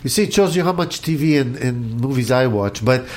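A man hosting a casual interview, asking questions and giving quick agreeing replies. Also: medium pitch. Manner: lively questions, backchannel yeahs. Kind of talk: casual chat.

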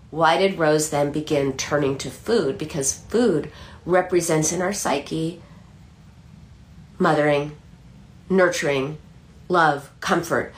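A middle-aged woman, a psychoanalyst, explaining a case with lively storytelling and frequent restarts. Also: deep voice. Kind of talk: explanatory talk.

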